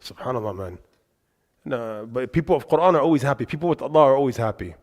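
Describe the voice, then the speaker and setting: A man giving a religious lesson in a mosque, telling lively anecdotes with quick asides. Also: medium pitch. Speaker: religious teacher. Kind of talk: storytelling lesson to a congregation. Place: mosque hall. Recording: reverberant mosque hall.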